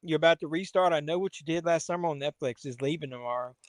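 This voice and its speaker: A man's voice: fairly high pitch, fast talker, no room sound. A man hosting a casual live watch-along stream, rambling to chat viewers between asides. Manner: rambling, talks to viewers and his pet.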